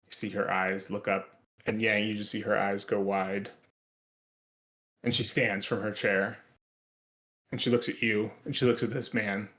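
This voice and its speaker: A man's voice: lowish voice, level tone, unhurried, long pauses, fairly bright tone. A man narrating as game master of a tabletop game, rambling with many restarts. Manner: rambling, full of fillers and restarts.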